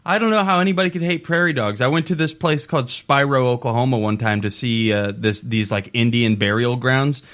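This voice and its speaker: A man's voice: medium pitch, a little fast, hardly any pauses, a bit bright. A man co-hosting a podcast in casual chat, teasing his partner and laughing often. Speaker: podcast co-host.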